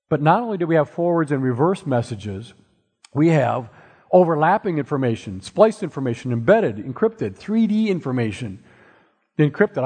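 A husky-voiced middle-aged man speaks to an audience, walking listeners through his points with homely analogies and the odd dry joke. His voice rings out with a long reverb tail from a large hall. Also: medium pitch, dark tone. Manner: explains with everyday analogies and wry asides. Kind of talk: presentation to an audience.

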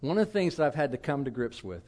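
A man's voice: medium pitch, very animated, fast, darkish tone. A middle-aged man preaching a sermon as pastor, telling stories in a candid, self-deprecating, conversational way.

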